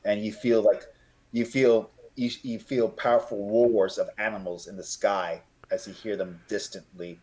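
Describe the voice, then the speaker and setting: A man runs a tabletop game, describing scenes in a loose, rambling way, restarting phrases as he goes. His voice sits fairly low. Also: darkish tone, poor audio. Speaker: game master.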